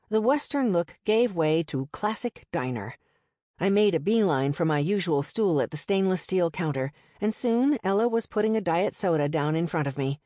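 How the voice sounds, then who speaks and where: Woman narrator, lower voice, dry close mic, first-person audiobook reading. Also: warm tone, no room sound.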